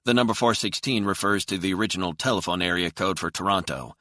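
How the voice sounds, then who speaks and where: A man voicing a male computer forensics expert who speaks briskly and emphatically. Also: low-pitched, bright, forceful tone, dry recording, studio quality, voice pushed up. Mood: urgent.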